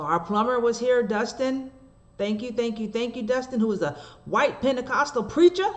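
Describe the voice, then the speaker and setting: A woman minister preaching a sermon. She shifts between slow, measured scripture reading and animated storytelling full of rhetorical asides. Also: mid-range voice.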